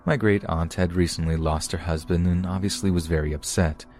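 A man calmly reading true scary stories aloud as a podcast narrator. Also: low-pitched, fairly quick, soft background music. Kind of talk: scripted horror story narration.

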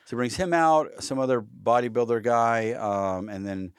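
Rambling, animated man telling stories. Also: mid-range voice, moderate pace, clean tone, dry recording. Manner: rambling, animated, peppered with "like" and swearing; acts out quoted people loudly. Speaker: guest, firearms trainer. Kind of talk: casual storytelling in a podcast interview.

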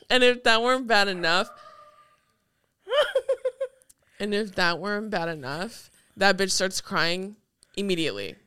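A woman's voice: mid-range voice, takes it slowly, long pauses, clean tone, dry recording. A young woman co-hosting a podcast, chatting casually and acting out movie scenes with plenty of swearing. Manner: animated storytelling, swears freely, acts out movie lines. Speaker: podcast co-host. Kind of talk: casual chat.

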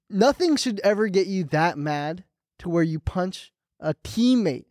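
High-voiced young man telling a story. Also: measured pace, dry recording, clean studio sound. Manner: animated storyteller, swears freely, acts out quoted people. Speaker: podcast co-host. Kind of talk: casual comedic chat.

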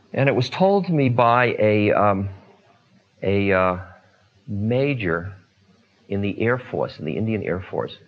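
An older man, a spiritual teacher, spins stories in an unhurried, meandering way, pausing on fillers and asides. His voice sits fairly low. The recording is dull and lo-fi, like old archival tape. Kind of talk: relaxed storytelling talk.

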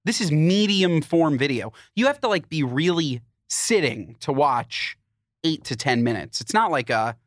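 A man co-hosting a podcast, chatting casually and joking with quick asides. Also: fairly high pitch, lively intonation, no room sound, studio quality. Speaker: podcast co-host. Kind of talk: casual chat.

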